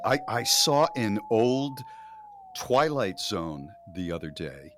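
A male radio co-host casually retelling a spooky TV episode, with animated acted-out quotes. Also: fairly low pitch, takes it slowly, a little hiss or hum.

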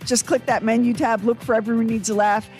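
Female radio co-host, slightly high, casual and chatty, over faint music. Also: level tone, fairly quick, darkish tone.

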